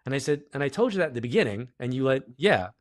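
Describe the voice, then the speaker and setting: A middle-aged man, a guest on a podcast, who tells stories in a casual, animated way and acts out the quoted dialogue. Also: mid-range voice, fast talker, dry recording, studio quality. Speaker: guest psychic medium. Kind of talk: casual storytelling interview.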